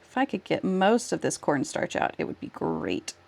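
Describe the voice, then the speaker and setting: A woman's voice: on the low side, wildly swooping pitch, moderate pace, vocal fry. A woman streaming live, chatting casually with viewers while she works on a craft, laughing often and talking herself through each step. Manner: giggly, thanks viewers warmly, talks to herself while working.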